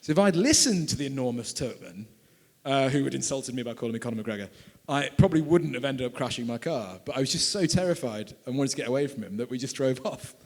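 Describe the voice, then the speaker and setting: British man in his 30s, lively anecdote-teller at a live talk, reverberant hall. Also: mid-range voice, fast talker. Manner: animated, laughing storyteller. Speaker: author and filmmaker. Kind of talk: storytelling at a book talk. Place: event hall.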